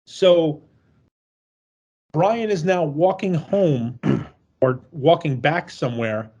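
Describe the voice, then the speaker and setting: A podcast co-host with a fairly high, warm, slightly breathy voice talks slowly as he recaps a horror movie. He goes through its scenes crudely and jokingly, laughing along the way.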